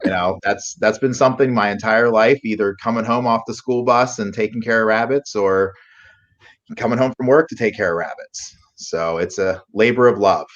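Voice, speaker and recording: A man with a fairly low voice answers questions in a relaxed, casual way, often pausing on an um or uh. The audio is somewhat dull and lo-fi. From Pennsylvania, USA. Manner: relaxed, many ums and uhs. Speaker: guest, rabbit breeder and judge. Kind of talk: casual interview.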